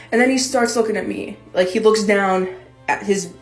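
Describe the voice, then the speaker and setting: A young woman tells a personal story in a loose, animated, chatty way, swearing freely. Her voice sits at an ordinary pitch and echoes in a roomy space with faint music behind. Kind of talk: casual storytime.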